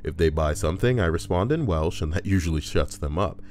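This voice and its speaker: In this YouTube clip, a man reads Reddit posts and breaks in with crude, joking remarks, with faint music and slight background noise. His deep, darkish voice has lively intonation and a slightly quick pace.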